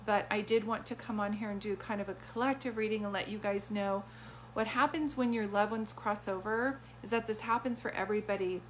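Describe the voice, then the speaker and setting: A woman talking straight to her live-stream viewers as a psychic medium, earnest and chatty, passing on messages in an easy conversational flow. Her voice sits at a middle pitch. A faint hum runs under the phone-mic recording. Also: fairly even intonation, a little fast.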